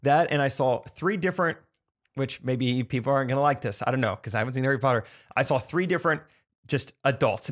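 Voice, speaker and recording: A man's voice: medium pitch, a bit bright. A young man co-hosting a podcast in casual chat, laughing often and putting on playful mock voices. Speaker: podcast co-host.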